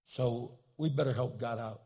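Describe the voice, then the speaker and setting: A man's voice: medium pitch, normal speed, gravelly, warm tone, husky, voice pushed down. A worried older wife in a sermon retelling, hesitant and stammering, with a man acting her out. She sounds fretful and resigned.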